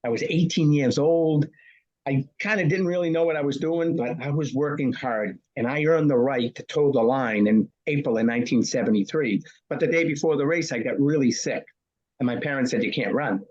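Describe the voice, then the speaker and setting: A man in his sixties gives a punchy, storytelling interview and answers his own questions. His voice is husky and mid-pitched, and the audio is muffled and lo-fi. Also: moderate pace, darkish tone. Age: 60s. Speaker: guest.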